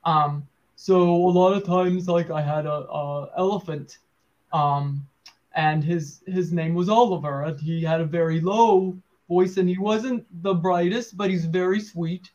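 A woman's voice: fairly low pitch, measured pace, a little mellow, lo-fi sound. A woman puppeteer talking casually in an interview, full of fillers and restarts. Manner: chatty, with many fillers and restarts. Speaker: puppeteer guest.

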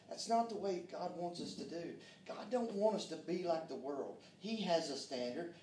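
A man's voice: mid-range voice, darkish tone, slight background noise. A man preaching a sermon in a folksy, fervent way, with frequent amens. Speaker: pastor. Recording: roomy echo, distant from mic.

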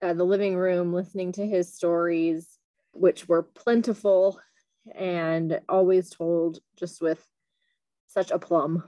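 A young adult woman co-hosting a podcast, reminiscing in a lively way. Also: lowish voice, slow pace, dry recording. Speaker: podcast co-host. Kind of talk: casual family podcast chat.

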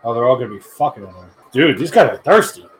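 A man's voice: medium pitch, very animated, fast talker, slight background noise. A man co-hosting a podcast, giving a crude, joking running commentary while watching a film. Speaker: podcast co-host. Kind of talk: casual movie watch-along chat.

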